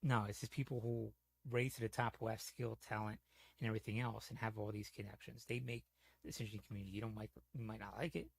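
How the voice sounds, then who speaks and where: A man's voice: fairly low pitch, flat delivery, fast talker, creaky, no echo. A man chatting casually on a gaming stream, telling rambling, profane stories full of "you know". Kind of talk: casual storytelling chat.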